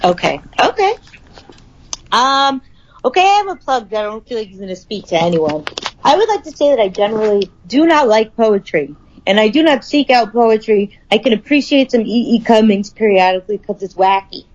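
A woman's voice: a little high, lively intonation, brisk, highs cut off. A woman in her thirties, a podcast co-host in casual chat, blunt and swearing, laughing often. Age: 30s.

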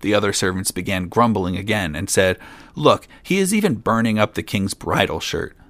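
A man's voice: on the low side, expressive, moderate pace, fairly bright tone, no room sound. A man reading an old fairy tale aloud, with dry asides of his own. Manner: reads plainly, drops in dry asides. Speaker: storyteller.

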